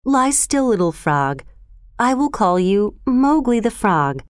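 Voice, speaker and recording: A woman's voice: fairly high pitch, big pitch swings, slow pace, no room sound, clean studio sound. A woman voicing a fierce, protective mother wolf in a storybook reading, speaking tenderly and defiantly.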